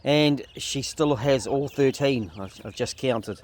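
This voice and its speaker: There's a little hiss or hum as a New Zealand sheep farmer speaks slowly in a medium-pitched, slightly mellow voice. In this casual outdoor farm vlog from a paddock, he explains things and talks to his animals.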